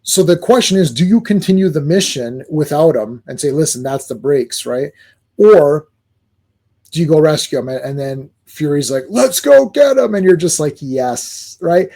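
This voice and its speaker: An excitable man reviewing a comic in a casual video, his voice fairly high and mellow. He jumps into the characters' lines as he goes. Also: moderate pace. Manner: excitable, animated, acts out quotes.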